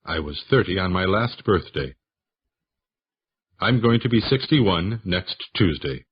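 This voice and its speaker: Slow deep-voiced man reading practice sentences. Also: animated, breathy edge, highs cut off. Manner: reads model sentences one by one, questions and answers. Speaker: English lesson reader.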